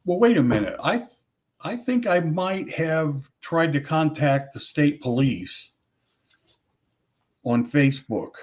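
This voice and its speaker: A man's voice: fairly high pitch, lively intonation, slow, long pauses. An older man talking casually as an interview guest, rambling with many restarts and self-corrections as he recalls his audio work.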